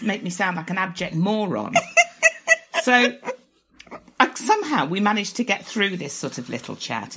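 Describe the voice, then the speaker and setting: A woman's voice: mid-range voice, background noise. A middle-aged woman telling a self-mocking story in a chatty interview, often laughing at herself. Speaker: guest telling an anecdote. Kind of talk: animated anecdote, chatty.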